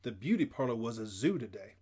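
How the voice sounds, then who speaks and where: A tired working mother speaks softly and gently, with a weary edge, as a male narrator voices her. Her voice stays quiet and low-key throughout this audiobook read. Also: sing-song, fairly quick, husky. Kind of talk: audiobook character voice.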